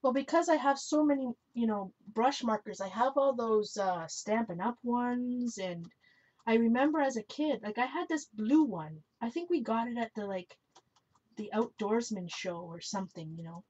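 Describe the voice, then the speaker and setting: A woman with a slightly raised pitch hosts a live craft stream, chatting freely, correcting herself as she goes and breaking into laughter. She answers viewers' comments aloud. The sound is muffled and lo-fi. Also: expressive, normal speed, a little mellow. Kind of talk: casual chat while crafting. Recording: dull lo-fi recording.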